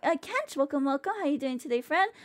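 High-voiced bubbly woman streamer. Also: expressive, fast, dry recording. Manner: bubbly, chatty, swears casually, rambles. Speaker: VTuber streamer. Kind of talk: casual livestream chat with viewers.

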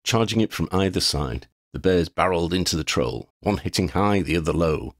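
A man reading a fan fiction chapter aloud as an audiobook narrator, with expressive storytelling. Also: deep voice, normal speed, dry recording, studio quality.

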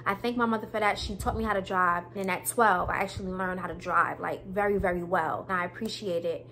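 A woman's voice: lowish voice, fairly even intonation, fairly quick, pushed and bright, a little hiss or hum. A woman telling a storytime vlog in a casual, emphatic way, with speech and some preachy repetition. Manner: emphatic, preachy, repeats herself.

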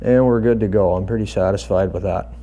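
A man explaining bass guitar adjustments step by step in a calm, methodical tutorial. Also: brisk, dull audio.

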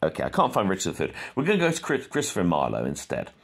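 A man giving an informal, rambling lesson on poetry, with many fillers, who reads verse aloud slowly. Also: deep voice, huge pitch swings, creaky, husky. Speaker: poetry teacher.

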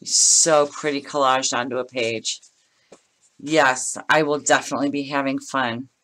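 A woman's voice: extremely low pitch, steady tone, measured pace, fairly bright tone. A middle-aged woman chatting casually as she opens craft mail at home, gushing and laughing often. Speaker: craft vlogger opening mail. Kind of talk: casual unboxing chat.

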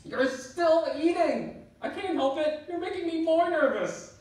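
A man voicing a nervous, hungry young male sidekick in a high, anxious voice. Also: animated, unhurried, darkish tone. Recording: echoey hall, mic far off.

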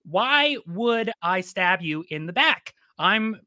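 A man doing a smooth-talking scorpion buddy. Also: high voice, sing-song, takes it slowly, sharp tone, exaggerated voice. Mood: persuasive. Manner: buddy-buddy, persuasive.

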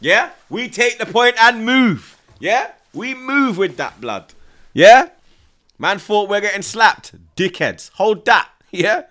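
A young man hosting a live football watchalong, excitable and repetitive, taunting rival fans. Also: high voice, slow pace. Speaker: host of a football watchalong stream. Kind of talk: live fan reaction stream.

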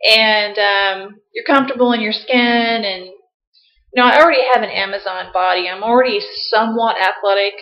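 A woman's voice: medium pitch, moderate pace. A woman chatting casually and playfully to her laptop webcam, teasing herself as she goes. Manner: playful, self-mocking, chatty. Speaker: vlogger. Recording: roomy, slightly dull laptop audio.

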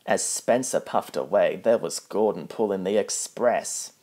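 A man's voice: low-pitched, animated, measured pace, a little mellow. A man reading a children's picture book aloud, plainly, with small slips. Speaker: storybook reader.

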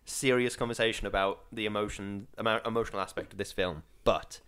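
A man co-hosting a podcast, chatting casually about a film, animated and quick to laugh. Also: on the low side, smooth. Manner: animated, laughs often, loose rambling. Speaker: podcast co-host.

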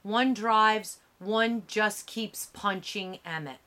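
A woman narrating an audiobook with a measured, dramatic reading. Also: on the low side, lively intonation, sharp tone.

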